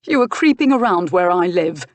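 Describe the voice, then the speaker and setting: A woman with a low, natural voice reads an audiobook character, an older uncle and guardian who is a firm, steady boxer. He speaks firmly and with measured control, sometimes dryly mocking, in a close, dry recording.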